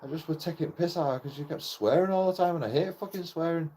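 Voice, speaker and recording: A young man, who hosts a channel, tells a personal story in a loose, rambling way. His voice sits on the high side and sounds warm, and he talks fast. He swears constantly and cuts himself off with short laughs between phrases.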